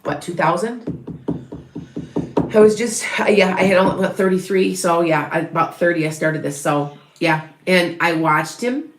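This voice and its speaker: A middle-aged woman talks viewers through a psychic reading, chatty and rambling, breaking off and restarting her sentences. Her voice sits a little low for a woman. The room around her rings with a noticeable echo. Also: measured pace, music in the background. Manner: rambling, chatty, many restarts and self-corrections. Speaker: psychic medium. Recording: roomy echo.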